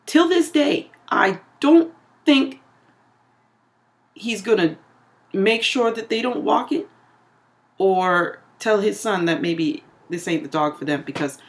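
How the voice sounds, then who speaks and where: A woman vlogger telling a story in a casual, animated way, laughing often and acting out what people said. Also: on the high side.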